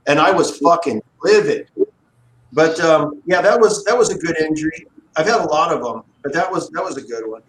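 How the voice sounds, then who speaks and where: A man's voice: fairly high pitch, normal speed, slight background noise. A man hosting a livestream, telling work stories in a casual, profane way and acting out quoted lines. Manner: animated, profane, acts out quotes. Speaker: livestream host, guitar builder. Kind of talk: casual storytelling chat. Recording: roomy echo.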